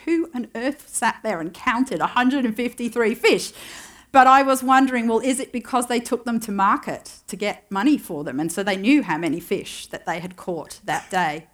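A woman's voice: a little high, normal speed. A woman giving a sermon in a conversational, storytelling way, wondering aloud and adding wry asides. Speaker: preacher.

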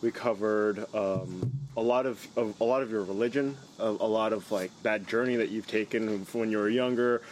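A man interviewing a guest, asking questions in a halting way with many restarts. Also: lowish voice, fairly even intonation, slight background noise, low-quality recording.

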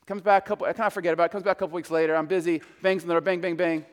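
A male pastor delivers a sermon in a loose, conversational storytelling style. His voice sits high and smooth. A long reverb from a large room trails each phrase. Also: racing, few pauses.

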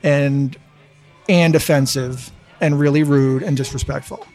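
Halting man in his fifties. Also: mid-range voice, steady tone, a little mellow, soft background music. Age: 50s. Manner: halting, many restarts, swears freely. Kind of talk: casual chat.

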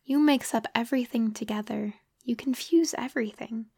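A woman's voice: a little high, slow, creaky. A woman voicing an earnest, persistent little boy prince from a tiny planet in a storybook reading, asking questions insistently. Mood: reproachful.

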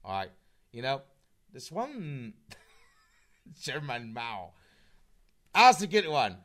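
A man's voice: mid-range voice, very animated, slow pace, a bit bright. A man in casual online group chat, rambling with restarts and swearing, with a slightly slurred voice.

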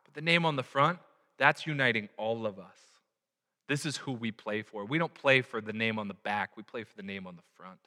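A man's voice: on the low side, a little fast, pushed and bright, voice pushed down. A man voicing a hockey coach giving his team a firm, emphatic talk. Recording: echoey hall.

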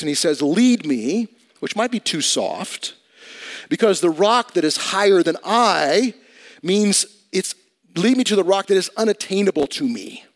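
A man, talking to the congregation like he's chatting with them. He jumps from loud, pleading lines to hushed, low asides. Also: expressive, unhurried. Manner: conversational preaching with dramatic swings in volume and pitch. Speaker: pastor. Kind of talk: sermon.

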